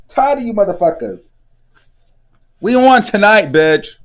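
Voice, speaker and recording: Animated, profane young man ranting on a live stream. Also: sits high, very slow, long pauses. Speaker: host.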